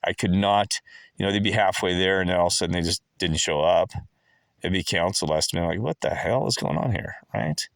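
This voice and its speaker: A man giving a rambling casual monologue, telling stories excitably with many asides and exclamations. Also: deep voice, fairly quick, creaky, dry recording. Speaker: vlogger.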